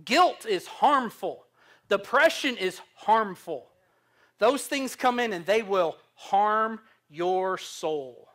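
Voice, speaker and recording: A man's voice: sits high, lively intonation, slow pace, fairly bright tone. A young man preaching a sermon, earnest and humorous, telling stories. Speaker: pastor.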